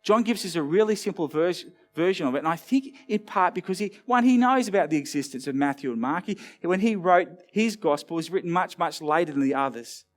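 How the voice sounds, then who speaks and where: A man preaching a sermon in a church, animated and storytelling, dropping low and quiet for emphasis. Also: a little fast, hardly any pauses. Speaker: pastor.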